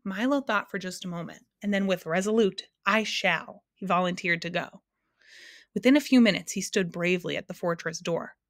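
A woman reading a children's storybook aloud in a calm, expressive way. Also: on the low side, fairly quick, no echo, studio quality. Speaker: narrator.

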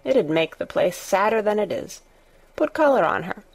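A woman's voice: medium pitch, animated, normal speed, creaky, a little mellow, husky. A woman voicing a plainspoken, friendly young housemaid with a Yorkshire accent and homely dialect, in an audiobook. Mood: matter-of-fact. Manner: blunt, homely dialect with thee and thou. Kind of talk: audiobook character voice.

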